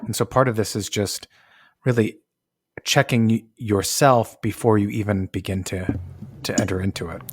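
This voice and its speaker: A pastor hosting a podcast, summarizing a book's points in a thoughtful, casual way. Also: male voice, fairly low pitch, steady tone, moderate pace, breathy edge, dry recording, studio quality. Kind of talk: casual book discussion.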